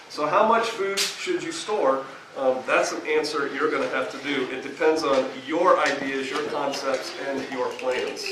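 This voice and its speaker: A man's voice: fairly high pitch, noisy background. A man, a pastor, telling chatty stories to a live audience in a folksy way, laughing at his own tales. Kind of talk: storytelling seminar talk to a live audience. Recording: echoey room recorded from a distance.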